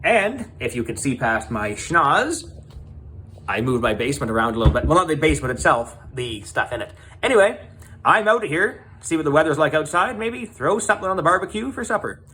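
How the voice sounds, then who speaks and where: Man with a lively high voice. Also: a little fast, slight background noise. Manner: animated, exclamatory reading. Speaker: audiobook reader. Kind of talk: dramatic storybook reading and casual sign-off. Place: home basement.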